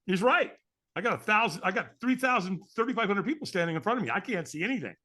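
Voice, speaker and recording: A middle-aged man appears as a podcast guest, telling a story with energy and doing the voices of the people in it. His voice is high-pitched, expressive, and sharp, and he speaks at a quick pace.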